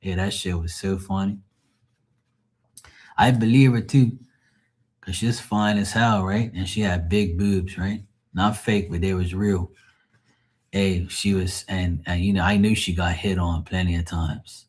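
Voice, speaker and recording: A man's voice: low voice, steady tone, a little slow, pauses often, darkish tone, breathy edge. A man hosting a late-night live tarot stream, telling stories in a rambling, profane way and laughing at them. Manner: laughs often at his own stories. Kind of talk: late-night livestream storytelling.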